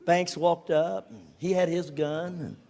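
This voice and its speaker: An older man telling a personal story to a congregation, animated and at times dropping to a whisper. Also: a little high, measured pace, creaky. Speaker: speaker giving a testimony.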